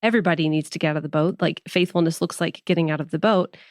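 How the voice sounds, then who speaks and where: A woman's voice: low-pitched, fast, dry recording, studio quality. A woman hosting a faith podcast, talking in a thoughtful, conversational way. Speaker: podcast host.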